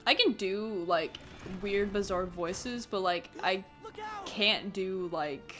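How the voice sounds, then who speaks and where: A woman's voice: medium pitch, slow pace, over music. Giggly young woman gaming host. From United States. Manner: giggly, reacts loudly to the game. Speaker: let's play host playing the game. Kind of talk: casual gaming chat.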